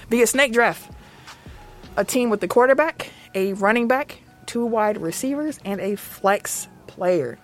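A woman hosting a casual comedic talk show, sassy and emphatic, repeating herself for effect. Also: mid-range voice. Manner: animated, sassy, emphatic repetition. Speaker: podcast host.

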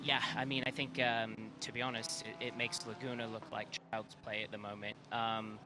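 A man, a race car driver, being interviewed in the pit lane, answering in a halting, stumbling way while he watches telemetry. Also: mid-range voice, little pitch movement, over music. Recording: loud race car noise behind. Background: race cars running.

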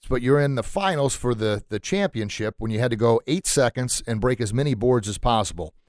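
A man hosting a podcast interview in a small sound room, excitable and quick to laugh, often stumbling over his words. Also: mid-range voice, no echo, studio quality. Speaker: podcast host. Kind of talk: casual chat.

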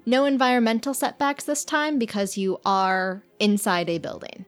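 A woman game master narrating a tabletop game in a measured, descriptive way. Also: fairly high pitch, animated, faint music behind. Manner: measured, descriptive scene-setting.

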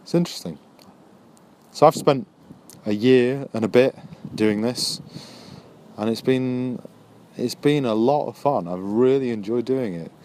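A man with a darkish, mid-range voice talks a little slowly, pausing often, with slight background noise around him. He hosts a podcast and is a new stand-up comic, musing casually and offering friendly encouragement in a late-night chat near a train line.

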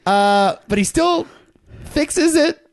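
A man's voice: very high voice, lively intonation, no room sound. A man co-hosting a podcast, discussing films casually with a wry, joking manner into a microphone. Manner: wry, quick with dry jokes. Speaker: podcast co-host.

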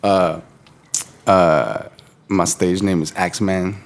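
A man's voice: low voice, fairly even intonation, slow pace, noisy background. A man in his late twenties, co-hosting a podcast in a laid-back, casual way, swearing freely and laughing often. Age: late 20s. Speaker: podcast co-host.

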